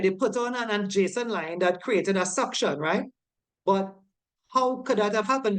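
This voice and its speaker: Lady instructor going over quiz answers, emphatic, keeps asking right?. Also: mid-range voice. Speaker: safety course instructor.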